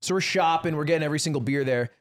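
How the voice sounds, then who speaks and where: Young man, podcast co-host, casual storytelling, laughs often, slightly high voice. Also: very fast. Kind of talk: casual chat.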